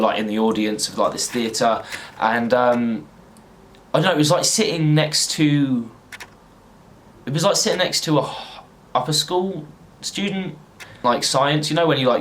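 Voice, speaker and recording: A man's voice: medium pitch, a bit bright, slight background noise. A young man chatting casually to a camera on a tripod, rambling and laughing often. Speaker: vlogger.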